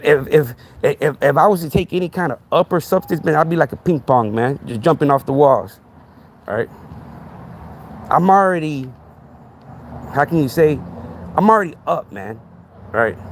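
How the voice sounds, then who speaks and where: A man's voice: medium pitch, a little hiss or hum. A man hosting a podcast in a casual monologue, talking emphatically, repeating himself and asking "right?" again and again. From Texas. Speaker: podcast host.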